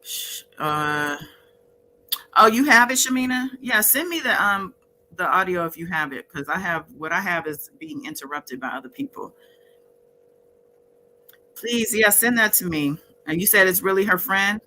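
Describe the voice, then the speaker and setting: A woman's voice: lowish voice, animated, moderate pace, sharp tone, slight background noise, rough recording. A woman hosting a casual livestream, chatting with viewers in the chat by name. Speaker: livestream host.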